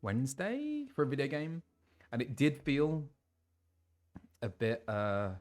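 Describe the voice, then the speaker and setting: A young British man chatting casually on a live stream and greeting viewers, his voice a little low as he recovers from laryngitis. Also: huge pitch swings, a little slow, a little mellow, faint music behind. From England. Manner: chatty, reads out viewers' messages with laughs and fillers. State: recovering from laryngitis, voice lower than usual.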